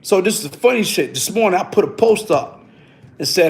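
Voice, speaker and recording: A man's voice: high-pitched, animated, a little fast, creaky, faint music behind. A middle-aged man telling a story in casual street slang, tagging lines with "you heard?". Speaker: vlogger.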